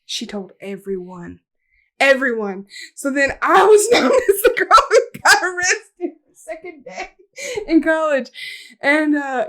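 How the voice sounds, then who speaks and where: A young woman hosting a podcast, telling a story in a casual, animated way, laughing and swearing as she acts out voices. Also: high voice. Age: young adult. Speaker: podcast host.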